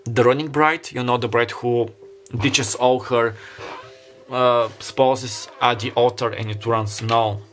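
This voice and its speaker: Guy doing a tarot reading, mid pitch, kind of rambly and heartfelt, hunts for words, faint music behind. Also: steady tone, slow pace. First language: Bulgarian. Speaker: tarot card reader. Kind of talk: pick-a-card tarot reading.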